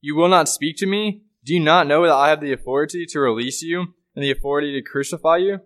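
A wary Roman governor in a dramatized scripture reading, played by a man. He questions sharply and commands with an uneasy edge, in a voice a touch higher than most men. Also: fast talker, fairly bright tone, natural voice.

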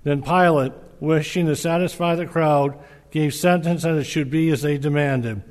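A man reads scripture aloud at a measured, earnest pace, his voice fairly high for a man. A long reverb from the hall follows every line. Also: steady tone, a little mellow. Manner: measured, earnest, with small slips. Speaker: scripture reader. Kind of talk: scripture reading.

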